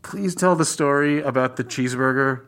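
A man's voice: medium pitch, normal speed, fairly bright tone. A man hosting a casual podcast chat, rambling with fillers and casual swearing. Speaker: podcast host.

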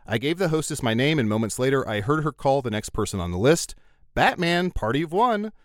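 A man's voice: mid-range voice, animated, quick pace, no echo, clean studio sound. A man co-hosting a casual podcast, reading listener emails aloud with jokey asides. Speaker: podcast co-host.

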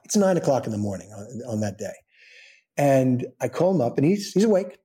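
A man's voice: medium pitch, fairly quick. A middle-aged man tells a long personal story as an interview guest. He rambles and restarts, with plenty of fillers, and lifts his voice when acting out what people said. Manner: animated, rambling anecdote with many fillers and restarts.

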